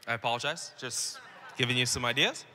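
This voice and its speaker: A man's voice: mid-range voice, brisk, pushed and bright, long reverb tail, slight background noise. A man preaching a sermon to church leaders at a conference, talking casually and acting out the voices he quotes. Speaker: pastor. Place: large conference hall.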